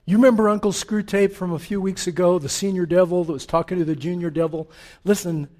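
A high-voiced man delivers a sermon to his congregation. He preaches with passion, climbing to urgent peaks and sinking into hushed, quiet stretches. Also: fairly even intonation, fast talker. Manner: impassioned, swinging from loud urgent peaks to hushed low passages. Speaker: pastor.

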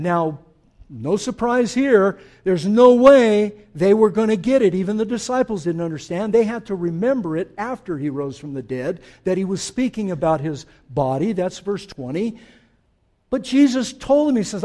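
High-voiced pastor preaching with humor. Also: male voice, lively intonation, normal speed. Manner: conversational, joking asides to the congregation; swings from quiet reflection to emphatic declarations. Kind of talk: sermon.

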